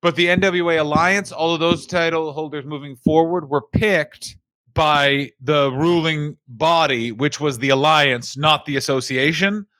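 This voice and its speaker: A man's voice: a little high, steady tone, unhurried, bright, forceful tone, no echo. A man co-hosting a comedy podcast, rambling through the history with jokes. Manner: rambling, jokey, slips into silly character voices. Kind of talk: comedic casual chat.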